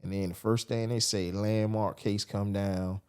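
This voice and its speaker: A man's voice: fairly low pitch, level tone, unhurried, a little mellow, smooth. A man, telling his story as a podcast guest and acting out the voices he quotes. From Miami, USA. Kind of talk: storytelling interview.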